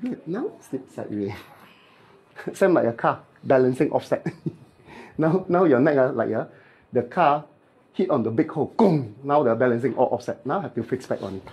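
A chiropractic therapist with a Malaysian English accent, instructing a client in clipped, playful phrases during treatment and mimicking cracking sounds. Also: male voice, mid-range voice, animated, normal speed, darkish tone, husky.

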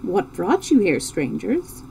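A woman voicing a gracious, jovial male fox king who speaks in a courtly, flattering manner. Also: mid-range voice, slow, creaky, far from the mic, slight background noise, full character voice, low-quality recording.

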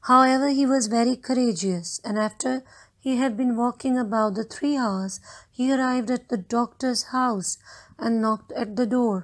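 A woman's voice: a little high, moderate pace. A woman college lecturer reads a story aloud and explains it to her students. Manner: explanatory, addresses students directly. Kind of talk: reading a story aloud as a lesson.

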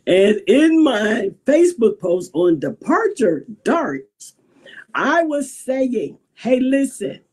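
A woman pastor talking to camera in a sassy, animated way, laughing often and firing off rhetorical questions. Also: fairly high pitch, drawn-out words, breathy edge. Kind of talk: casual talk to camera.

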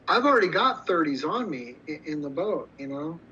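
As an interview guest, a man tells a story in a blunt, profane, rambling way, restarting often. His voice sits on the high side with lively intonation at a normal speed, sounding pushed and bright. The casual storytelling is recorded slightly muffled, with faint noise.

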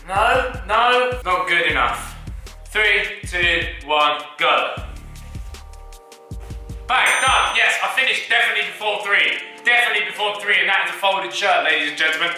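Brash bright young man. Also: high voice, moderate pace, heavy reverb, soft background music. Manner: brash, swearing, playful countdowns. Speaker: YouTuber. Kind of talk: casual vlog commentary.

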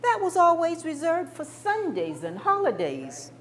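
Expressive older woman telling a life story. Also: extremely high pitch, measured pace, a little hiss or hum. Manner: expressive, warm-toned recounting with small stammers. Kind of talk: personal storytelling.

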